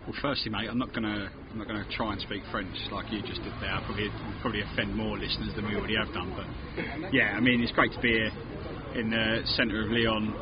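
A man with an English accent co-hosting a casual podcast outdoors, measured and hesitant, with frequent ums and restarts. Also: on the low side, little pitch movement. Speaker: podcast co-host. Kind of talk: casual chat. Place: outdoors at a city-centre bar. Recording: muffled outdoor recording with loud street noise. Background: loud street noise.

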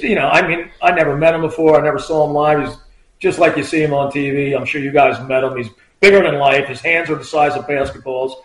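A middle-aged man, a retired trooper, telling stories in a loose, rambling way, full of fillers and acted-out quotes. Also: fairly high pitch. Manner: rambling, filler-heavy, acts out quoted lines in a raised voice. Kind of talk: casual anecdotal storytelling. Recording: roomy echo.

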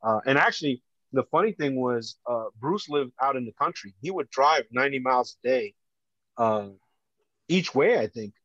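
A middle-aged man, telling a personal story as a podcast guest, earnest and animated, often acting out what others said. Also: medium pitch, normal speed, no room sound, dull audio.

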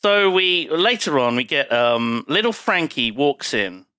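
A man co-hosting a podcast, recapping a film in casual, sweary chat with low-voiced asides. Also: very animated, a little slow, pushed and bright, no room sound, studio quality. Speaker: podcast co-host.

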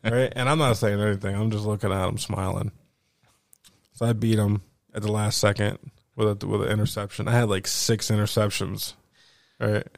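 A man with a low, gravelly voice hosts a casual home podcast. He swears freely and tells stories with animated energy, acting out other people's lines. His voice sounds dry and close to the mic. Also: moderate pace, dry recording. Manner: profane, animated storytelling; acts out quoted voices. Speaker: podcast host. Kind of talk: casual chat.

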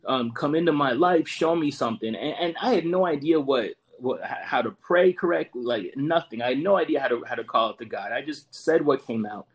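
A man's voice: mid-range voice, animated, brisk, hardly any pauses. A man in his forties, a Marine veteran guest, earnestly telling a personal story and often repeating words as he goes. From United States.

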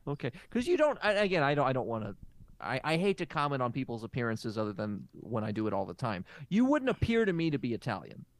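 Lively stammering comedy podcast host man. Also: mid-range voice, quick pace. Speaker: comic playing a therapist host.

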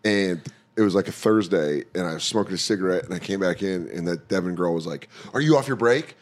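Man, podcast guest, animated storytelling, quick impressions, swearing, casual chat. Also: low voice.

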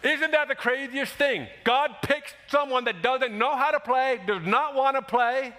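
A man preaching a sermon, animated and emphatic, acting out quoted voices and rising to shouts. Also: very high voice, a little slow. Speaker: pastor.

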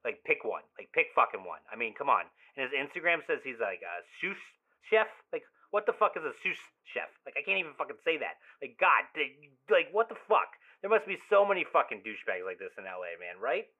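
In an audio drama, a man acts as an obsessive young caller leaving rambling, swearing, overly familiar voicemails in an agitated mood. His natural mid-range voice swings widely in pitch and runs fairly quickly with few pauses. It sounds like a tinny phone-line voicemail.

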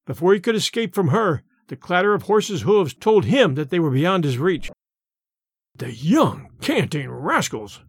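Male storybook host, expressive reader, high voice, dry sound. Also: moderate pace, few pauses, no room sound. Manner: expressive, dramatic reading. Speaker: host and narrator. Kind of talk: audiobook narration.

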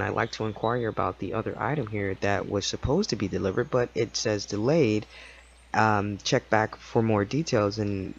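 A man's voice: on the low side, a little hiss or hum. A man hosting a podcast, telling a personal story in a casual monologue and acting out the voices of the people he quotes. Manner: animated, acts out quoted voices, laughs often. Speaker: podcast host. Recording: slightly dull lo-fi recording.

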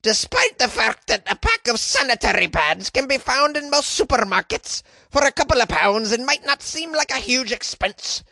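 A man's voice: extremely high pitch, sing-song, normal speed, creaky, few pauses, sharp tone, no room sound, voice pushed up, heavily acted. A man putting on a clumsy Scottish accent and a woman's voice to read a quote, mocking his own attempt. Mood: earnest. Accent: put-on Scottish. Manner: clumsy, self-mocking impression. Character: mock Scottish woman quoted, prim and earnest.

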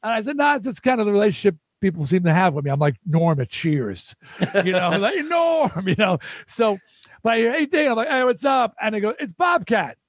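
A man's voice: high voice, a little fast, no room sound. An older man from New York, telling stories in a casual chat and acting out quoted voices. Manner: animated, acts out quotes in voices. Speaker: musician guest. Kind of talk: casual storytelling.

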